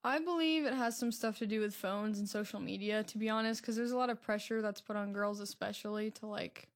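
A teenage girl living in a youth program, answering interview questions softly and hesitantly with many fillers. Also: medium pitch, a little fast. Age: teens. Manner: soft-spoken, hesitant, many "um" and "like". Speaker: program resident.

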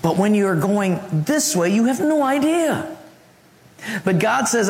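Male pastor, lively story-driven sermon, slightly high voice, echoey hall, faint ambience. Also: unhurried. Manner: animated storyteller who swings his pitch and laughs through his story.

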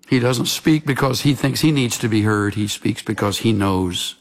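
A man preaching a sermon as a pastor, in a measured, earnest delivery that sinks into hushed, intense passages. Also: on the low side.

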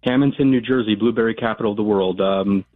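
Guy with a lowish voice, sounds like he's on the phone, dry. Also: fast talker, no room sound, narrow, tinny audio. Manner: agreeable, brief replies. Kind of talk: casual chat.

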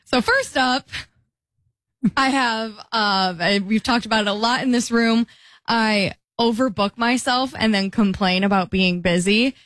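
A woman's voice: fairly high pitch, measured pace, a bit bright, dry recording. A young woman co-hosting a casual podcast, chatty and laughing at her own habits. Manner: chatty, self-aware, laughs at herself. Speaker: co-host.

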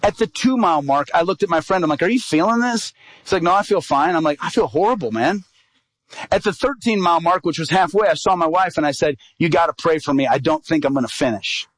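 A middle-aged male evangelist tells a story from the pulpit, slipping into the voices of the people in it. His voice sits a little high for a man. The sound is dry and close, with no room echo. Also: fast. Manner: animated storyteller, acts out quoted dialogue. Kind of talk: sermon storytelling.

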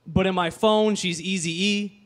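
A man's voice: high voice, steady tone, measured pace. A man doing stand-up, crude and laughing at his own jokes. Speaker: stand-up comedian. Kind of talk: stand-up set. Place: comedy club stage.

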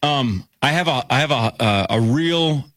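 Male morning radio host, very expressive pitch, dry close sound, chatty, studio banter. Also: normal speed, no room sound. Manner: animated, chatty, laughs easily.

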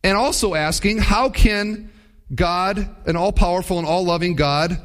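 A man's voice: high voice, measured pace, fairly bright tone. A man preaching a sermon, teaching in a conversational yet emphatic way with many rhetorical questions.

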